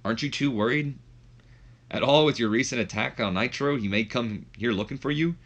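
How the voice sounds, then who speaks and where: A man's voice: mid-range voice, a little fast, pitched above the performer's own voice, natural voice. A man voicing a polite, nervous male backstage interviewer who stammers. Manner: hesitant, stammering.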